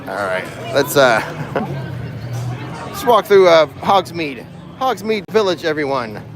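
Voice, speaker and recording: A man's voice: on the high side, very animated, slow pace. A man hosting a casual livestream while walking through a theme park, joking and laughing at his own jokes. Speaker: livestream host. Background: music and crowd in the background.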